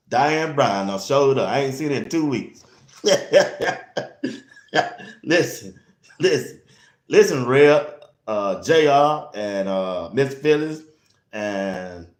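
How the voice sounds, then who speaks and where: A man hosting a casual sports talk show, blunt and animated, speaking straight to his listeners. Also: medium pitch. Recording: roomy echo.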